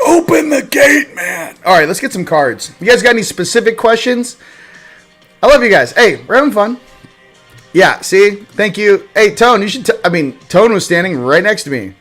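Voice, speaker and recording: Man host, casual livestream, high-ish voice, rambling and jokey, loud-then-quiet delivery, faint music under it.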